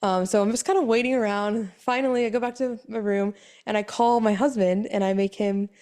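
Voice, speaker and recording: A young pregnant woman co-hosting a podcast, chatting casually and telling a story with animated quoted voices and frequent laughs, worn out from sickness. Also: medium pitch, brisk. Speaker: podcast co-host. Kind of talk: casual chat.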